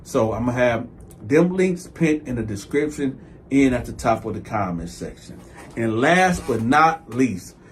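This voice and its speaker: A man hosting a storytelling channel, telling a story to his viewers in a loose, slangy way and acting out both sides of the conversation. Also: slightly rough. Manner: animated, acts out both sides of a story with raised pitch for himself; loose slangy delivery, addresses viewers as y'all.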